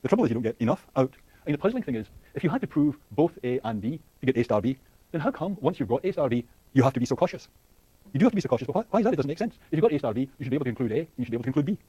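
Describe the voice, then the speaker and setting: Fast-talking male lecturer, dark and husky. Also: mid-range voice, very animated, dry recording, highs cut off. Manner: rapid, thinking aloud with frequent fillers and restarts; asks the class questions and laughs lightly. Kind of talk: university lecture.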